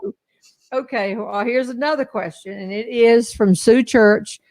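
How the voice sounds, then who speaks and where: A woman hosting a casual live chat show, chatty and quick to laugh as she reads out viewer questions. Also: a little high, a little mellow, no room sound. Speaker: host.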